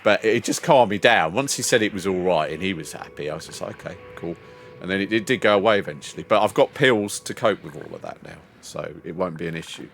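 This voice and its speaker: Man, older, low voice, casual storytelling, faint background hiss. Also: sing-song, quick pace, gravelly, few pauses, fairly bright tone. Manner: rambling storytelling, mimics others in a higher voice. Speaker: streamer. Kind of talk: casual chat while gaming.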